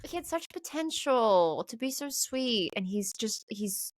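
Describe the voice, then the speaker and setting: A woman co-hosting a podcast, chatting casually about a film, blunt and expressive, acting out the characters' lines. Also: a little high, a little slow, a little hiss or hum. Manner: animated, blunt, swears, acts out lines. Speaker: podcast co-host. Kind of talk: casual chat recapping a film.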